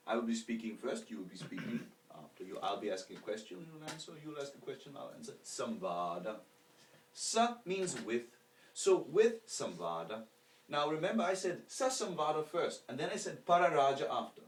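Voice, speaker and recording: A man teaching a spiritual lecture, explaining terms slowly and leading call-and-response recitation while asking rhetorical questions. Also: mid-range voice, big pitch swings, slight background noise. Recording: echoey room, voice from a distance.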